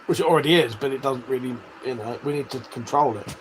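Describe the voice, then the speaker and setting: Speaking fast in a mid-range voice, this English man in his forties reads out viewer comments on a live stream, bantering casually with laughter and swearing. A little hiss or hum runs through the audio.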